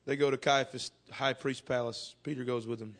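A man's voice: medium pitch, fairly even intonation, normal speed. A man preaching a sermon at a church service, impassioned and repeating words as he builds.

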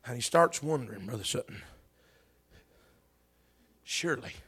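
A man preaching a sermon, telling a story with animation, bursts of shouting and laughter. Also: mid-range voice, expressive, unhurried, slightly rough.

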